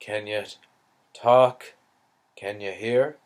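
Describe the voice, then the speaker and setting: A man's voice: fairly low pitch, fairly even intonation, drawn-out words. A man reading aloud and voicing an earnest, fatherly British soldier with an English accent. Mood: alarmed.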